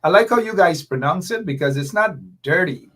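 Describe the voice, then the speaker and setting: A man's voice: sits high, lively intonation, a little fast, a bit bright. A man hosting a live political stream, fiery and repetitive as he reads out viewer comments. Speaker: host.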